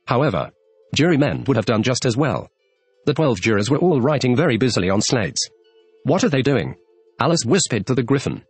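A man reading a classic storybook aloud as an audiobook narrator, in a lively storytelling way. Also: mid-range voice, husky, no echo. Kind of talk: scripted narration.

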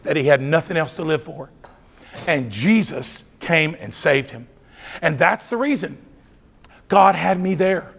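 Middle-aged man, youth sermon, lively storytelling, high voice, long hall reverb. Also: gravelly. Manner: animated storytelling, acts out voices. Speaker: youth speaker. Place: large church hall.

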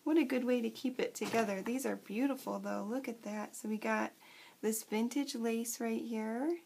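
A woman vlogger chatting casually as she unboxes craft supplies, gushing and excitable. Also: a little high, moderate pace, creaky, slightly rough.

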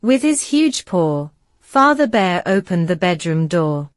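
A woman narrating a children's story slowly and carefully for English learners. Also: fairly low pitch, big pitch swings, dry recording, studio quality. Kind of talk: slow scripted story narration.

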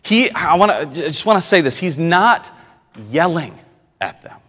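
A man preaching a live sermon as pastor, impassioned and swinging between quiet stretches and near-shouting. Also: fairly high pitch, expressive, normal speed. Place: church sanctuary. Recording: long reverb of a large church hall.

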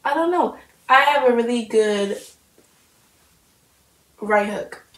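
A woman's voice: fairly high pitch, animated, slow pace, a bit bright, roomy sound, low-quality recording. A woman hosting a reaction video, chatting casually and rambling into stories.

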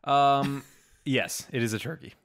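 A man's voice: mid-range voice, steady tone, measured pace, a bit bright, clean tone. A man co-hosting a podcast in casual chat, emphatic and jokey. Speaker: podcast co-host.

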